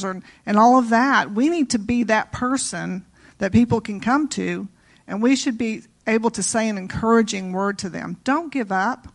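A middle-aged woman preaching in a relaxed, conversational way, leaning on homey personal stories. Her voice sits a little on the high side, and she sprinkles her talk with casual asides. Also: normal speed. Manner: conversational, folksy, many "you know" asides. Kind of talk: informal sermon with personal stories.

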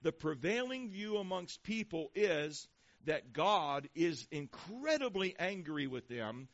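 Man, pastor, sermon, slightly high voice, slow emphatic scripture reading, dull lo-fi recording. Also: sing-song. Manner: preaching, reads scripture slowly with emphasis. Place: church before a congregation. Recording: dull lo-fi sound.

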